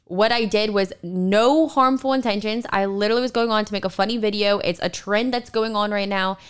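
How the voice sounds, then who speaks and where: A woman's voice: mid-range voice, steady tone, fairly quick, smooth. A young woman vlogger in casual chat, talking openly and chattily, full of "like" and "quote unquote".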